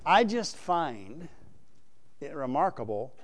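A man's voice: on the high side, big pitch swings, takes it slowly. A man preaching a sermon, explaining scripture in a conversational way and asking the audience questions.

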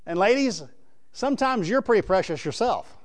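A man's voice: high-pitched, expressive, normal speed. A man preaching a sermon, explaining scripture in a conversational way and asking the audience questions.

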